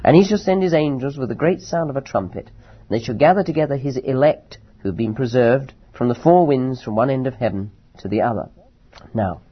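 A man teaching verse by verse from the Bible, reading scripture slowly and then explaining it with emphatic rises. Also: medium pitch, slightly rough. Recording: dull lo-fi recording.

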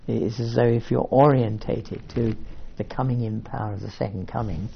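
In a muffled, lo-fi recording, a preacher teaches from the Bible sermon-style in a husky, medium-pitched voice with vocal fry. Between reading passages aloud, he offers commentary scattered with fillers and side remarks.

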